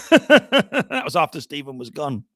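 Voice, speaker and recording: A jet-lagged man hosting a casual livestream chat, telling stories in an animated way, trailing off and restarting often. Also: on the high side, takes it slowly, no echo, studio quality. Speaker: livestream host.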